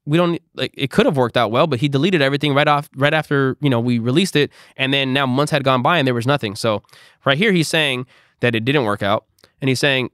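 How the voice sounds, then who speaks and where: A man's voice: mid-range voice, fairly quick, a bit bright, dry recording, clean studio sound. A young man telling a frustrated personal story to camera, quoting back the exchanges he had. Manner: frustrated, emphatic retelling with quoted exchanges. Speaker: content creator. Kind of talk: storytime vlog.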